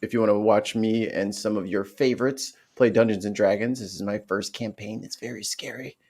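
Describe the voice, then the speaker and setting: Quick joking man on a video call. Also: lowish voice, fairly even intonation, darkish tone. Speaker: show producer. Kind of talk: casual livestream chat.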